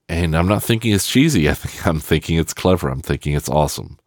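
A man's voice: low voice, lively intonation, quick pace, hardly any pauses, dry recording, studio quality. A man giving a rambling, casual film commentary, swearing freely and trailing off in restarts. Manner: rambling and profane, with many fillers and restarts. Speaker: film reviewer.

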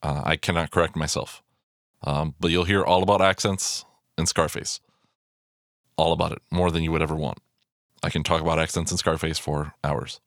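A man with a deep, low voice rambles through a film breakdown in a loose, casual way. He swears freely and trips over fillers and restarts. The recording is dry and close, with no room sound. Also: fairly even intonation, normal speed, a bit bright, dry recording. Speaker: film commentator.

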